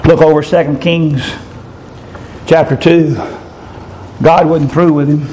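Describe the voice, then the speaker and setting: Preacher swinging between shouts and low asides. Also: male voice, little pitch movement, takes it slowly, slight background noise, poor audio. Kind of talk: sermon.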